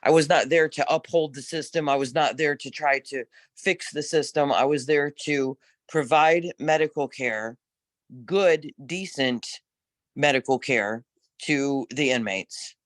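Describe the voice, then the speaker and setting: Emphatic, animated man with a higher voice. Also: a little slow, no room sound. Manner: emphatic, animated, laughs often. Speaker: former corrections nurse, guest. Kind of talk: casual storytelling in a discussion.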